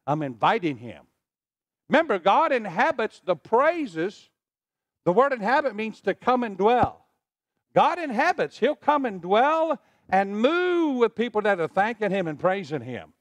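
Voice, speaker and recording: High, lively-voiced preaching pastor. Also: male voice, no room sound. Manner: preaching with call-and-response to the congregation. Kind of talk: sermon. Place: church sanctuary.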